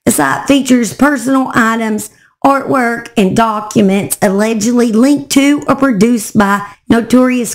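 A woman, hoarse and cracking, chatting to viewers as she tells a true crime story. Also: a little high. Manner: chatty, talks straight to viewers.

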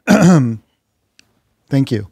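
A man's voice: medium pitch, big pitch swings, drawn-out words, creaky, a little mellow, slightly rough, no echo. A middle-aged man, a film director, chatting wryly as a podcast guest in a living room. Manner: wry, joking. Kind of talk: casual chat.

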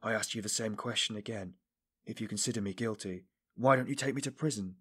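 A man reading the part of a tormented young suspect, speaking low and breathless. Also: brisk. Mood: irritable. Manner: hushed, breathless, irritable. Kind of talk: audiobook character reading.

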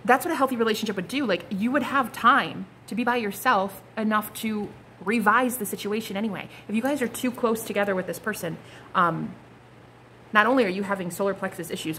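A young woman talks through a tarot spread in a casual, blunt way. She is animated and salty, swearing freely. Her voice sits in the middle of the female range, with faint background noise. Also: medium pitch. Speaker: psychic tarot reader.

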